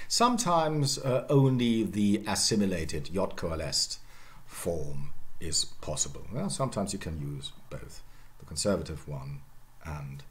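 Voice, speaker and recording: A man giving a university lecture on historical phonology, slowly demonstrating word pronunciations and checking in with "okay?". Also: deep voice, big pitch swings. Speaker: linguistics professor.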